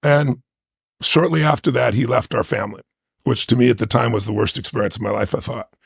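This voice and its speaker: A middle-aged man with a gravelly voice, giving an emphatic conversational interview answer that often checks in with "right?". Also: medium pitch, a little fast, dry recording, clean studio sound. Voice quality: gravelly, husky. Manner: emphatic, conversational with frequent "right?" tag questions. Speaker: interview guest.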